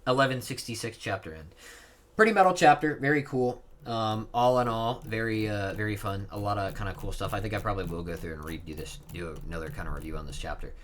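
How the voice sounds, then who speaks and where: A man's voice: lowish voice, quick pace, slight background noise. A man reading a comic chapter aloud and reacting in a casual, chatty way, with fillers like "uh" and "like". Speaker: manga reaction vlogger.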